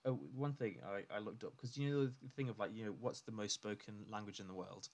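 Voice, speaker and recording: A man's voice: fairly low pitch, fairly even intonation, a little fast, a little hiss or hum. A young man on a podcast reading out facts and asking curious questions in a casual chat. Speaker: podcast co-host.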